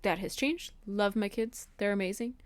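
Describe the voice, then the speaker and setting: A woman in her thirties co-hosting a podcast, outspoken and quick to laugh in casual chat. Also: mid-range voice, no echo. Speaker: podcast co-host.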